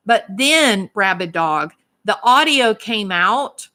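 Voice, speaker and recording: A woman's voice: a little high, normal speed, few pauses, bright, forceful tone. A Southern woman hosting a livestream, talking straight to commenters by name in an emphatic, indignant way. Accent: Southern American. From American South. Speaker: YouTube channel host reading live chat. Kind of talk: casual livestream chat.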